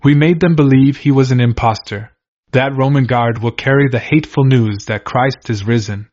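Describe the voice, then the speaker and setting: A scheming devil giving orders to his followers, as a male reader voices him. The voice sits at an ordinary middle pitch and stays close to a plain reading voice. It comes through a dull, lo-fi recording. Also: moderate pace, darkish tone, lightly acted. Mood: commanding.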